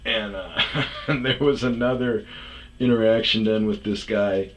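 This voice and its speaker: A man's voice: fairly low pitch, fairly even intonation, a little slow, a little hiss or hum. A man telling a rambling personal story in a casual, profane monologue, raising his voice when he mimics other people. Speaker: storyteller host.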